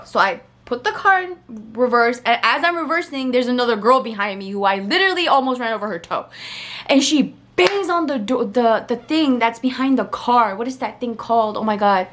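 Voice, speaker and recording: A young woman telling a story to her camera in a chatty, digressive way, often laughing at herself and getting animated as she retells an argument. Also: a little high, a little fast. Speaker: vlogger. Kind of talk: casual storytime monologue.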